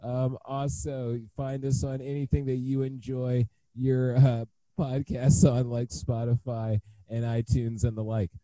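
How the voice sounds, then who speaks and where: A man hosts a loose sports podcast, chuckling and rambling as he goes. His voice is warm and mellow, recorded close and dry with no room sound. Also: medium pitch, little pitch movement, measured pace, few pauses, no echo, rough recording. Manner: laughing often, loose and rambling. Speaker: podcast host. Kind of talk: casual sports podcast banter.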